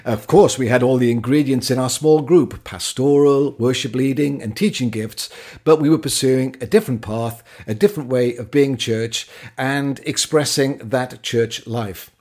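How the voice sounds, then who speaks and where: A middle-aged man recounts his own life in an even, measured manner. His voice sits at an ordinary middle pitch. He talks like a Christian sharing personal reflections. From Britain.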